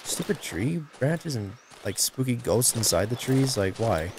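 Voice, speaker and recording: A man narrating his horror game playthrough, jumpy and swearing whenever something startles him. His pitch leaps about animatedly. A clear hiss of noise runs under the voice. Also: very animated, a little slow. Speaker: gameplay commentator. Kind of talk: horror game let's play commentary.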